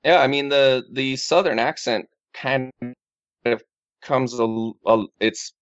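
In a casual group chat, a man rambles through his news with frequent fillers and restarts. He speaks at a measured pace in a mid-range voice, recorded in dull lo-fi with no room sound.

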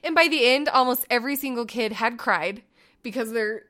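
A woman in her thirties co-hosting a casual chat, a stay-at-home mom who tells animated stories and acts out the voices. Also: a little high, normal speed. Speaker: podcast co-host.

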